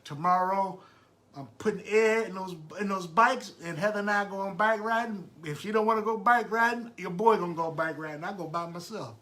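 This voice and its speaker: A man's voice: high-pitched, normal speed, a bit bright. A man hosting a live podcast, chatting casually and greeting his listeners by name. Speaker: podcast host.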